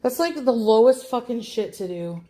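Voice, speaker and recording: A woman's voice: on the high side, expressive, moderate pace, mellow. Woman ranting angrily on a livestream. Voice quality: angry, profane ranting. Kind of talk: livestream rant.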